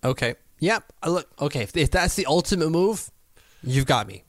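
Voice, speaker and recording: A man co-hosting a casual hockey podcast, chatty and quick to laugh, often correcting himself mid-sentence. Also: fairly high pitch, very animated, no room sound, studio quality. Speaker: podcast co-host.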